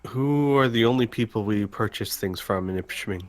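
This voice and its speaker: A man's voice: on the low side, moderate pace. A man playing in a tabletop game, hesitantly describing his character's actions. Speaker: player. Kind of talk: tabletop role-play.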